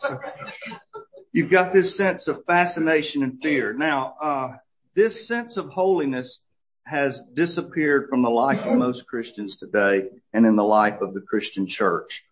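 A man's voice: a little high, normal speed, crowd noise. Middle-aged male church teacher, dull recording. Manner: storytelling, uses many fillers and restarts. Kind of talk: conversational Bible teaching.

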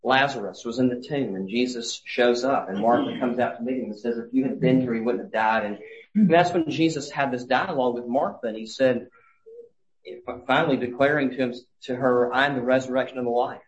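A pastor with a medium-pitched voice preaches a sermon earnestly but haltingly, frequently restarting his phrases. The audio is dull.

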